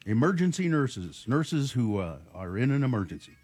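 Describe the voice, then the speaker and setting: A man's voice: medium pitch, very animated, moderate pace, a little mellow, breathy edge, no echo, soft background music. A man hosting a morning radio show, rambling with lots of fillers and dry jokes. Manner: rambling, filler-heavy, jokey. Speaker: radio host.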